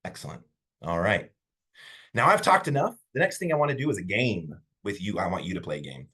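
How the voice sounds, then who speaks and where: A male college instructor lectures a public speaking class over a video call, talking casually and rambling with fillers. His voice sits low with a slightly husky grain, and his pitch leaps around animatedly. It comes through a simple computer microphone. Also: big pitch swings, a little fast, pushed and bright.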